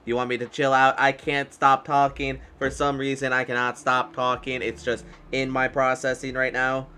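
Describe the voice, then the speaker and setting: A man's voice: medium pitch, completely flat delivery, normal speed, bright, forceful tone, slight background noise, natural voice. A man voicing a chatty male battle droid in a tabletop game, talking in stiff, formal phrases and rambling on. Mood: babbling.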